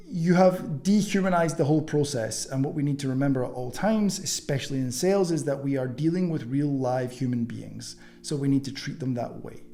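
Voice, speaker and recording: A man's voice: a little high, warm tone. A man teaching an online coaching course in a blunt, casual way, swearing freely.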